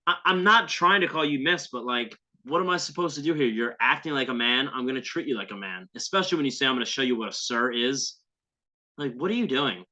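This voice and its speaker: A man's voice: medium pitch, animated, fast, few pauses, bright, forceful tone. A man hosting a podcast, delivering heated, profane, sarcastic commentary on a viral video clip. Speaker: podcast host. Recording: dull lo-fi sound.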